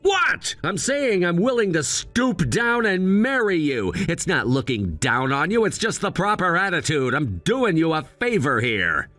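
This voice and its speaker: A man's voice: on the high side, very animated, measured pace, few pauses, a bit bright, no echo, faint music behind. A man playing a sneering snobbish fiancé. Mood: arrogant. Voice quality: sneering, condescending. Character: arrogant snobbish young male fiancé. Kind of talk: voiced drama narration.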